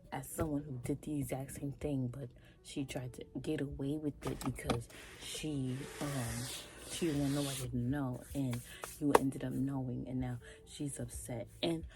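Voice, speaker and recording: A young woman giving animated, chatty reaction commentary straight to her viewers, sometimes dropping into breathy half-whispered asides. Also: extremely low pitch. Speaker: reaction vlogger.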